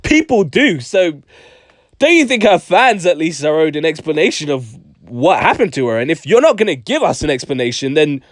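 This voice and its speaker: Man, vlog commentary, sarcastic, slangy, lively swinging pitch, dry close sound. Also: normal speed, dry recording. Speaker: YouTube commentator.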